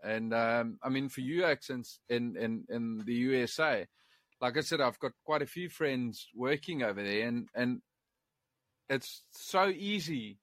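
A man's voice: medium pitch, unhurried. A South African man tells stories in a loose, swearing, chatty way. He often stumbles and repeats himself as he talks. His mid-range voice sounds dry and close, with no room echo. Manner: lively, profane, repeats words at the starts of phrases. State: living abroad in England. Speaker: podcast guest. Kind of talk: casual storytelling chat.

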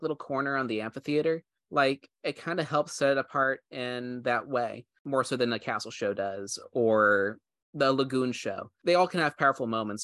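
Casual, rambling, and heartfelt, this podcast co-host talks with lots of fillers. His mid-range voice is a bit bright, and the recording is dry with clean studio sound.

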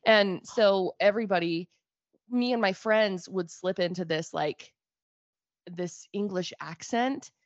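A young woman from Utah co-hosting a casual podcast, rambling and animated and poking fun at herself. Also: medium pitch, slow, dry recording, highs cut off. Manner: rambling, animated, self-deprecating. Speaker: podcast co-host. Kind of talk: casual chat.

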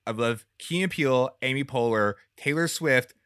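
A man co-hosting a casual movie podcast, animated and quick to laugh and exclaim. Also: medium pitch, smooth, dry recording, clean studio sound. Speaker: podcast co-host.

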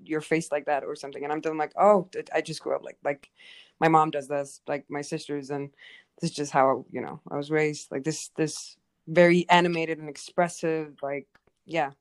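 A woman's voice: low-pitched, moderate pace, clean tone. A young woman artist of Kurdish background talking casually and expressively, with many fillers. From Kurdish family background. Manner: animated, expressive, lots of fillers. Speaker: art teacher and painter. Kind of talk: casual conversation.

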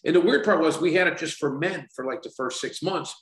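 A man in his sixties, a company founder chatting in an interview, telling stories lively and acting out the voices of people he quotes. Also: on the high side, a little fast, echoey room, poor audio. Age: 60s. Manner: animated storyteller, acts out quoted dialogue. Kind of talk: casual interview talk.

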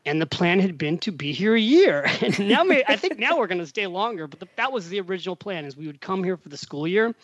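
A man's voice: high voice, fast talker, hardly any pauses, no room sound, lo-fi sound. A middle-aged man, a podcast guest, telling a long story in casual conversation and acting out the voices of the people in it. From United States. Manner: animated storyteller, acts out quoted dialogue. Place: home in Italy.

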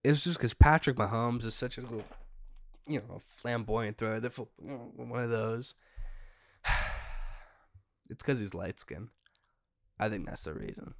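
A young man hosting a solo podcast, ranting in an exasperated way with sudden loud outbursts. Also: medium pitch, unhurried, vocal fry, long pauses, dry recording, studio quality. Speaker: podcast host.

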